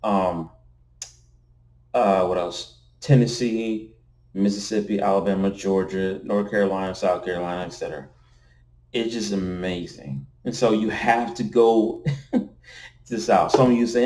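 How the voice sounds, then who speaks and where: A man's voice: lowish voice, moderate pace, darkish tone. A man vlogging casually to a camera indoors, rambling and repeating himself, often tossing in "you know what I'm saying". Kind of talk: casual rambling vlog talk. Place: indoors at night next to window blinds. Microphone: camera facing him.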